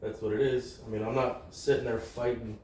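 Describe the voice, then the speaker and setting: A man's voice: mid-range voice, little pitch movement, a little fast, darkish tone. Chill decoy guy, laughs a lot, mic far away, bit of hiss. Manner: laid-back, laughs often. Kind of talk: casual chat. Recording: roomy echo, distant mic, faint noise.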